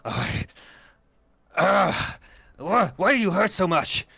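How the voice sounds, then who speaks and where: A man's voice: sits high, sing-song, takes it slowly, creaky, pushed and bright, husky, no room sound, pitched above the performer's own voice, full character voice. A man voicing a wounded werewolf man who groans and curses himself in pain during a tabletop game. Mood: anguished. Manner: anguished groaning outbursts. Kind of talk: tabletop game role-play.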